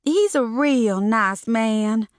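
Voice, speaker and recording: A woman voicing a scared young woman just out of school, with a squeaky, trembling, hesitant and slangy way of talking. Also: very slow, no echo, clean studio sound. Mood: chatty.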